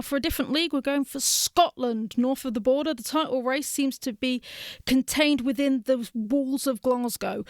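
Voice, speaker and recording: A young Englishwoman talks football on a podcast, teasing and chatty. Her voice sits a little high. The sound is close and dry, with no room. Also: no room sound. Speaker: podcast co-host. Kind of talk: casual sports chat.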